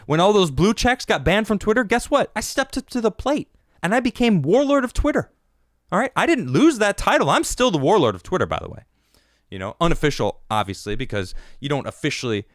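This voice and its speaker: Male commentary host, sarcastic ranting monologue, fairly high and very animated in pitch. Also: dry recording, clean studio sound. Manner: sarcastic, mocking rant. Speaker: podcast host.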